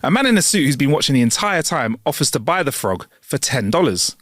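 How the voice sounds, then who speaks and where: This podcast co-host is a man with a slightly high voice who talks fairly quickly, recorded at studio quality with no echo. He reads jokes aloud for a comedy show, slipping into lively put-on character voices and laughing a lot.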